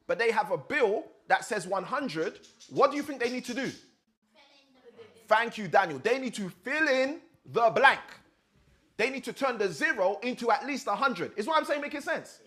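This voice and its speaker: A man's voice: very high voice, lively intonation, normal speed, fairly bright tone. A man, a father of six, leading an interactive teaching session and asking his audience questions. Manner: asks the audience questions often.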